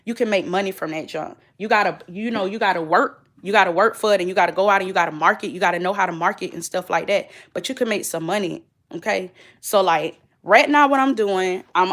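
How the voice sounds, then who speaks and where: A woman, a nurse chatting casually and emphatically to her viewers in a vlog update. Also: medium pitch. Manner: chatty, emphatic, talks straight to viewers as y'all; moves about while talking. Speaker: nurse and vlogger.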